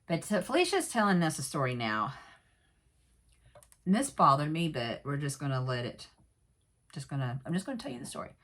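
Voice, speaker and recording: A woman with a low voice talks her viewers through a true crime episode in an easygoing way. She wanders off on asides and fillers and adds frank opinions as she goes. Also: big pitch swings, a little fast, pauses often, a bit bright. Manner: rambling, many fillers and asides; candid, personal commentary. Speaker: true crime recap vlogger. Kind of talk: casual episode recap.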